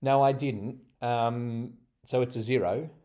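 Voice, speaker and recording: A man's voice: medium pitch, fairly even intonation, slow pace, mellow. An Australian man co-hosting a podcast in casual chat, chatty and laughing often. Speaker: podcast co-host.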